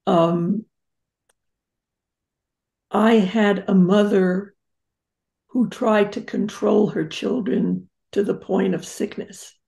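An older woman speaks as a therapist guest, telling family stories in a reflective, emphatic way. Her voice is deeply gravelly with heavy vocal fry. Her tone is dark and mellow. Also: steady tone, slow pace, pauses often. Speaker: psychotherapist guest. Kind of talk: interview storytelling.

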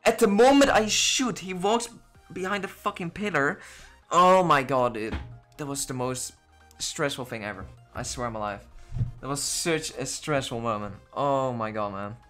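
A man's voice: medium pitch, normal speed, sharp tone, faint music behind. A man livestreaming a shooter game, talking in an exasperated, swear-heavy casual rant to his viewers. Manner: exasperated, swearing, ranting after a loss. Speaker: gaming livestreamer. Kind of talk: casual live commentary.

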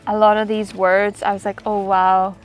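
A woman's voice: medium pitch, little pitch movement, faint music behind. A young woman with a strong Northern Irish accent, co-hosting a casual chat and chiming in eagerly. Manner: bubbly, quick to agree and chime in. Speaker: co-host.

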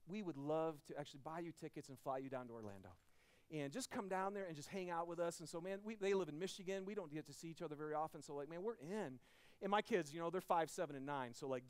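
A man in his thirties preaching a Christmas sermon in a church, telling a personal story with animated swings between loud, excited passages and hushed, quiet ones. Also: fairly high pitch, clean tone. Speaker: pastor.

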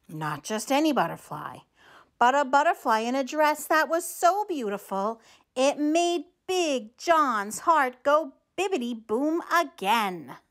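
Woman, children's read-aloud, expressive storytelling, fairly high voice, slow pace. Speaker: storytime reader.

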